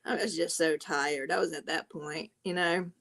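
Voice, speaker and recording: A woman's voice: on the low side, steady tone, normal speed, a bit bright. Woman, Southern accent, casual chat, storytelling, laughs often. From South Carolina.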